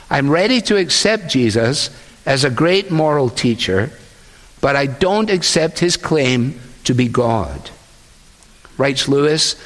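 A man delivers a sermon, his voice sitting a little higher than most. He speaks earnestly and at a measured pace, often slipping into quoted speech. The sound carries a long echo from a large church hall. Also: fairly bright tone. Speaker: pastor.

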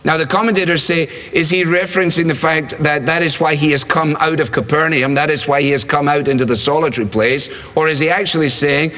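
A man's voice: medium pitch, fairly quick, a bit bright. A man preaching a sermon in a conversational way, asking his listeners rhetorical questions. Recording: long reverb of a large hall.

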